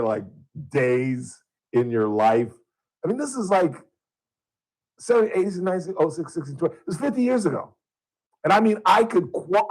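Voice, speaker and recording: Husky-voiced older male radio host. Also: a little high, low-quality recording. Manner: rambling storyteller. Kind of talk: casual talk radio chat. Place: radio studio. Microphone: studio mic.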